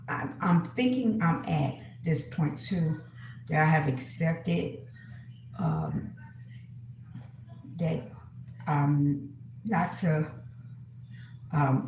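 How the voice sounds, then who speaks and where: A woman hosting her own channel, talking casually to viewers in a halting way, with many pauses and fillers and frequent throat-clearing. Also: deep voice, darkish tone, echoey room, slight background noise, low-quality recording. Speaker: spiritual reader, channel host. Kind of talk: casual monologue to camera.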